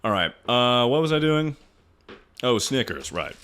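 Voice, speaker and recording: A man's voice: mid-range voice, sing-song, unhurried, a bit bright, clear, resonant tone. A man in his twenties streaming, ranting casually and profanely as he ranks things. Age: 20s. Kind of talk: casual livestream commentary.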